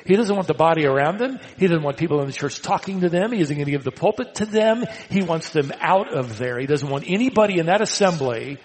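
A man preaching a sermon, swinging from loud emphatic lines to hushed, quiet ones. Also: a little high, animated, quick pace, few pauses, in a large hall, poor audio. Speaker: pastor.

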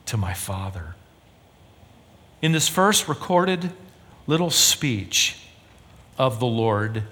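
A male pastor preaching a sermon, emphatic, swinging from loud stresses to hushed asides, in a hall with long reverb. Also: medium pitch. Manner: animated preaching, emphatic rises and drops to near-whisper.

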